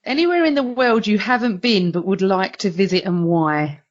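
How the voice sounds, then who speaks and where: Bubbly woman podcast co-host. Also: mid-range voice. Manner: bubbly, quick questions. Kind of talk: casual chat. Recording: dull lo-fi recording.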